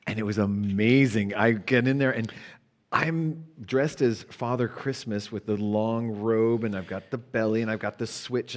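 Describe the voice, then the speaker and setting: A man co-hosting a casual chat show, telling animated stories with occasional swearing. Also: on the low side. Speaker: co-host. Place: small theater stage.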